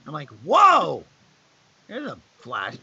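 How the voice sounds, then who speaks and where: Middle-aged man, casual storyteller, husky and bright, lively pitch, animated quotes; lo-fi stream audio. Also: moderate pace, no echo. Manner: animated anecdotes with loud high-pitched acted quotes. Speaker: guest on a charity live stream.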